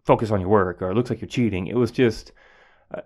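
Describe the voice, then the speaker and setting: A podcast host who is a teacher speaks fast in a lowish, darkish voice. In a reflective personal monologue, he talks earnestly and from the heart about his classroom, with many fillers and restarts.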